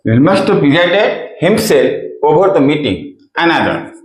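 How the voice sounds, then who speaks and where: A man's voice: on the high side, very animated, normal speed. A man teaching grammar, who repeats key phrases and answers his own questions. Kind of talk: slow explanatory lesson. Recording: echoey room.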